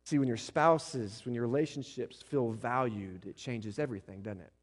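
A man preaching a sermon as pastor to a church, swinging between loud emphatic passages and soft intimate ones, often checking in with the congregation. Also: medium pitch, moderate pace. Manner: preaching with rising and falling intensity, asks the congregation questions.

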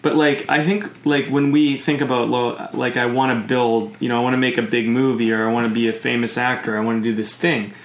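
A man's voice: mid-range voice, level tone, fairly quick, few pauses. Brief: easygoing man, talky and meandering, in a room with noticeable echo. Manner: rambling, uses sailing comparisons, many fillers. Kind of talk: casual podcast chat.

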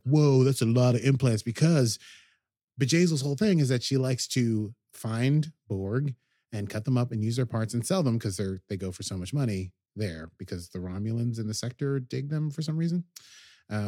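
A man's voice: mid-range voice, mellow, no echo, studio quality. A man hosting a podcast, recapping an episode in casual chat, rambling and hesitant with many ums and restarts. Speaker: podcast host.

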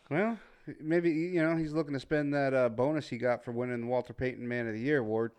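Fast-talking man with wry remarks. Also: medium pitch, steady tone, a little mellow, clear, resonant tone. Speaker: sports talk co-host. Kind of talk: casual sports talk.

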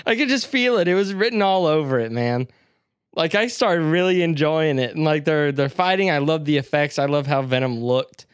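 Male co-host from San Francisco, a bit high-pitched, dry sound, laughs a lot. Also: animated, normal speed, clean tone, no room sound. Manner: laughs often, teasing, swears casually. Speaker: podcast co-host. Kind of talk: casual movie review chat.

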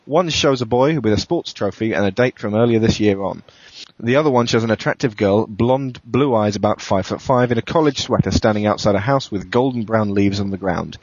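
Low-voiced man narrating a thriller. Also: a little fast, a little mellow, no room sound. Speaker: podcast host reading a story. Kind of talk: first-person thriller narration. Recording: dull, dry lo-fi recording.

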